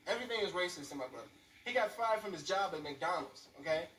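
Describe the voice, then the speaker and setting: A man's voice: sits high, fast talker. A man performing a stand-up comedy set on a club stage, telling stories animatedly and slipping into voices. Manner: animated, storytelling, lots of voices. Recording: roomy club sound from far off, faint room noise.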